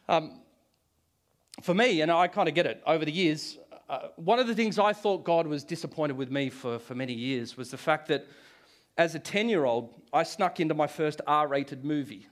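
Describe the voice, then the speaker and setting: A man's voice: on the high side, normal speed. A man preaching a Good Friday sermon to a church congregation, telling stories with a joking touch and chuckling often. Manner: storytelling, jokey, chuckles often. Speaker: pastor.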